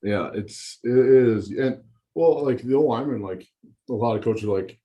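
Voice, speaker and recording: A man's voice: fairly low pitch, lively intonation, moderate pace, dark tone. A man talking as a guest offensive line coach, in a loose, rambling casual way. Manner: loose and rambling, many fillers and restarts. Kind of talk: casual chat.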